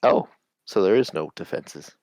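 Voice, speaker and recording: A man's voice: low-pitched, animated, moderate pace, gravelly, darkish tone, no echo. Stammering man playing a tabletop game. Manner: hesitant, stammering, laughing often. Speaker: player. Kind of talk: casual tabletop role-play.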